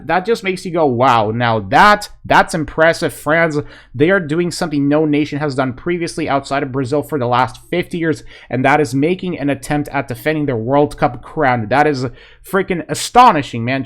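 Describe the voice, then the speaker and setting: A man giving a casual, rambling football reaction, excitable and full of fillers like "man" and "you know". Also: a little high, moderate pace. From Polish fan. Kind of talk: casual video reaction commentary.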